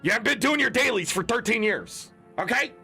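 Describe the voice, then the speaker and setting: Male gaming creator, high bright voice, gravelly, exasperated swearing rant over faint music. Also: lively intonation, a little fast. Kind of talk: ranting commentary.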